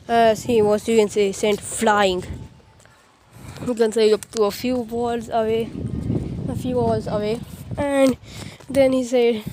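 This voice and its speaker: A woman's voice: fairly high pitch, fairly even intonation, normal speed, dark tone, slight background noise. A woman casually retelling a fan story in a rambling, filler-heavy way with frequent restarts.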